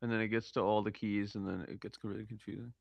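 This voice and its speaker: A man's voice: lowish voice, level tone, fast talker, vocal fry, no echo, muffled recording. A man chatting casually over an online voice call as a composer asking for feedback, probing with questions and often restarting them. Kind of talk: casual chat.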